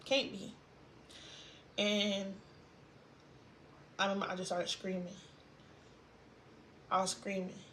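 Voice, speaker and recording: A young woman telling a painful personal story in a vlog, halting and trailing off as she fights tears. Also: medium pitch, a bit bright, slight background noise. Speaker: vlogger.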